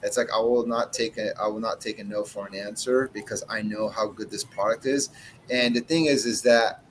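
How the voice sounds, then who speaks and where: A man's voice: fairly low pitch, fairly even intonation, a little fast, a little hiss or hum, poor audio. A man in his forties who owns a cigar brand, telling blunt, profane stories in a casual interview chat. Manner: blunt, profane, brash storytelling.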